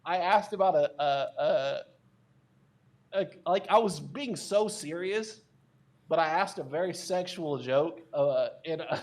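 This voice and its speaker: A man as a podcast guest telling casual, animated stories, with many fillers and restarts. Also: fairly high pitch, measured pace. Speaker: guest, content creator.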